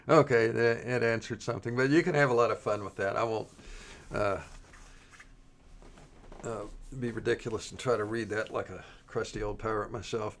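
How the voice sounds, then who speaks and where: A man presenting a coding tutorial in a relaxed, halting way, with frequent pauses and restarts as he works through the demo. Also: fairly low pitch, slight background noise. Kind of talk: screen-recorded coding tutorial.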